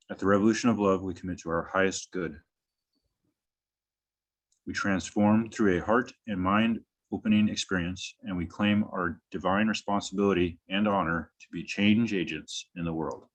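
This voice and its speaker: A man reciting a church mission statement in a measured, declamatory way over a video call. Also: low voice.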